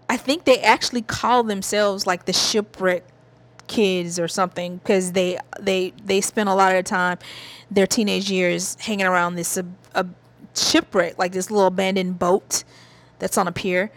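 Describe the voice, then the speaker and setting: A woman's voice: mid-range voice, steady tone, unhurried. Chatty Southern woman host, loose and giggly TV recap. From American South. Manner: chatty, giggly, rambling asides. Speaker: TV review host. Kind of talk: casual chat.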